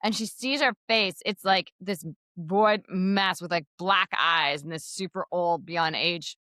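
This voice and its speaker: A woman co-host tells a story in a loose, rambling chat, dropping "like" everywhere and acting out the characters' lines. Her voice is bright and forward, recorded close and dry with no room sound. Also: fairly low pitch, measured pace, dry recording. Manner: rambling retelling with many "like"s and acted-out quotes. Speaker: podcast co-host. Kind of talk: casual book recap chat.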